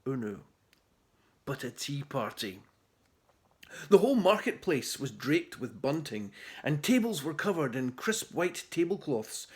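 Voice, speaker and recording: A man reading his children's book aloud in an animated, theatrical way. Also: mid-range voice, a little slow.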